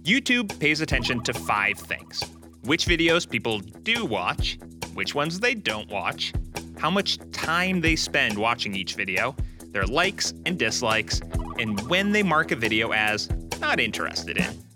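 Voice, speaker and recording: A man hosting a scripted explainer show, with a lively delivery and playful asides. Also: mid-range voice, unhurried, over music. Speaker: host.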